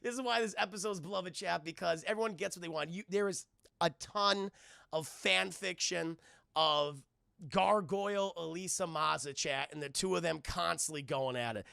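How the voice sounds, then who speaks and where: High, very gravelly man talking to his chat. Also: moderate pace, sharp tone, dry recording, studio quality. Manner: rambling, profane, keeps addressing the chat. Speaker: cartoon reviewer streaming live. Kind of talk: casual livestream recap.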